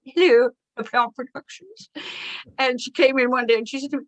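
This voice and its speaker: Animated woman telling stories. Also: sits high, a little fast, dry recording, dull audio. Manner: animated storyteller, restarts often. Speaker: guest author. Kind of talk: anecdotal interview talk. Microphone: video call.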